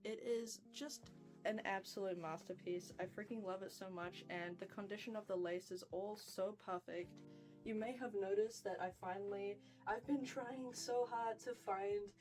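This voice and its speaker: A woman's voice: medium pitch, steady tone, moderate pace, a little mellow, recorded from a distance, faint music behind, rough recording. A young woman with a New Zealand accent giving a chatty, gushing wardrobe tour, full of "like" and "freaking". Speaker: fashion vlogger.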